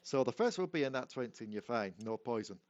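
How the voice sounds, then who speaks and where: A man's voice: mid-range voice, animated, fast talker, lo-fi sound. A man running a tabletop game as dungeon master, counting out dice rolls and reading rules, often laughing.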